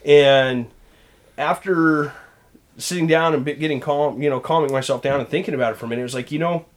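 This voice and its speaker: A middle-aged man co-hosting a casual talk show, earnest and conversational, talking through how parents handle their kids. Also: medium pitch. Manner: earnest, conversational, frequent fillers. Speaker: podcast co-host. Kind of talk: casual chat.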